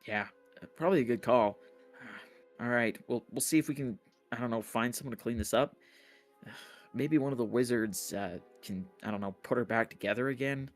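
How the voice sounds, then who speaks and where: A man's voice: medium pitch, moderate pace, soft background music, lightly acted. A man voicing a worried guard in a tabletop game.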